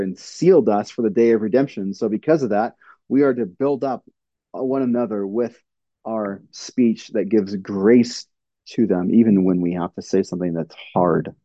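A middle-aged male pastor gives a plainspoken teaching talk, earnest and full of fillers and restarts. His voice is mellow and dark, recorded dry and a little dull. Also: lowish voice, no echo. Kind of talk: sermon-style teaching with audience questions.

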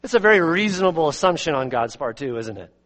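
Earnest preacher in a reverberant hall. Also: male voice, a little high, very animated, quick pace, a bit bright. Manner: earnest, repeats words, rises and drops sharply in volume. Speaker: pastor. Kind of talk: expository sermon.

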